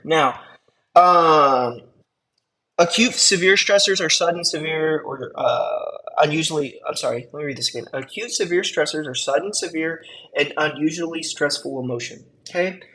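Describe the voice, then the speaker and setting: A man's voice: fairly high pitch, moderate pace, bright, forceful tone, rough recording. A man teaching an EMT class, talking casually with lots of fillers and check-in questions. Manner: conversational, with frequent fillers and check-ins. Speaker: EMT instructor. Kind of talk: classroom lecture.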